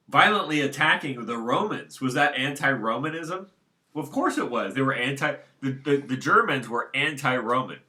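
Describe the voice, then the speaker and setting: A man's voice: medium pitch, lively intonation, moderate pace, sharp tone. A man talking alone at home in a casual, unscripted monologue, rambling and circling back to his points. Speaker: solo commentator.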